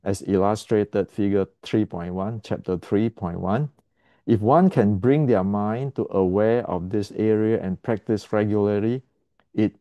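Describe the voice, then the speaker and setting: Man teaching martial arts, blunt and emphatic, repeats himself, clears his throat, warm dark tone, dry close sound. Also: on the low side, no echo. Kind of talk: explanatory lesson to camera.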